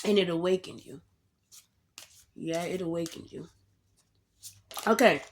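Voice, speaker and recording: A woman giving a casual tarot reading straight to the viewer, animated and slangy, laughing often as she talks. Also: fairly low pitch, measured pace, slight background noise. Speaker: tarot reader.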